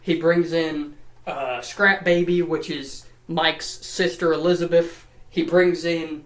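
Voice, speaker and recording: A lore recap commentator races through a comedic summary, rambling and swearing, repeating himself and putting on silly voices. His voice is fairly high and steady in tone, he speaks slowly, and the sound is reverberant.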